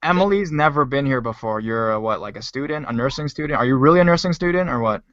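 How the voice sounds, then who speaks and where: A man's voice: medium pitch, expressive, quick pace, fairly bright tone, dry recording, dull audio. A man hosting a live stream group chat, bossing people around with crude jokes. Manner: crude, bossy joking. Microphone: online voice call.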